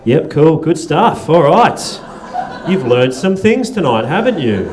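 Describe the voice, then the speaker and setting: A man's voice: a little high, big pitch swings, unhurried, background noise. An Australian man hosting a stand-up comedy night, loose and profane, teasing the audience and laughing between lines. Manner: loose, swearing, teasing the crowd, laughing often. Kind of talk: stand-up crowd work. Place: comedy club stage.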